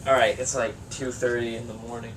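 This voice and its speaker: A man's voice: mid-range voice, level tone, fairly quick, a bit bright. A young man in a band, casually telling a long, profane story in an interview and laughing through it. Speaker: band member. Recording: distant mic with faint room noise.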